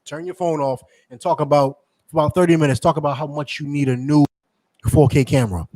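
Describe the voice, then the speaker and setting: A man delivering a forceful sermon to his members, repeating points and asking rhetorical questions. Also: a little high, no room sound, rough recording. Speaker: teacher addressing members. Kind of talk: street-preacher style sermon.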